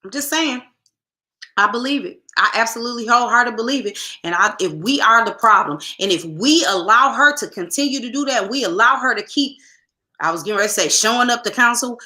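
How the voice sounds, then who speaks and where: A woman's voice: a little high, a little fast, pushed and bright. A woman co-hosting a podcast in casual talk, telling stories emphatically and speaking, often repeating herself and restarting her sentences. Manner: emphatic, repetitive, storytelling with restarts. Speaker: podcast co-host. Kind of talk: casual opinion talk reading listener comments.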